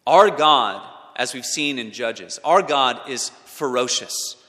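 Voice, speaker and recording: A male preacher delivering a sermon, swinging from loud emphatic peaks to hushed low passages. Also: a little slow. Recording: long reverb of a large hall.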